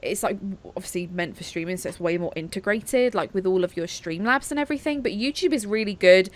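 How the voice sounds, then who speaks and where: A woman's voice: medium pitch, brisk. A woman co-hosting a podcast in casual chat, chatty and encouraging, with frequent fillers. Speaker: podcast co-host.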